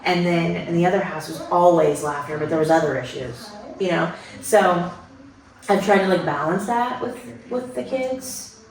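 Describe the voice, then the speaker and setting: A woman's voice: lowish voice, moderate pace. Reflective woman in an echoey room. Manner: reflective, tells personal stories. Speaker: podcast co-host. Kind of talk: casual chat. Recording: echoey room, far from the mic.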